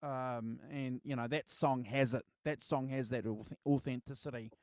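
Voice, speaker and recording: A man's voice: mid-range voice, fairly even intonation, moderate pace, background noise. A man co-hosting a casual album review chat, rambling with lots of fillers. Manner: rambling, filler-heavy, laughs easily. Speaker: co-host.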